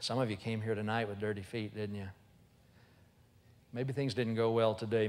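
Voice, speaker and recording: In a church, a fairly low-voiced man preaches an animated, humorous sermon built on stories, imitating the voices of the people involved. His words trail off into a long reverb tail.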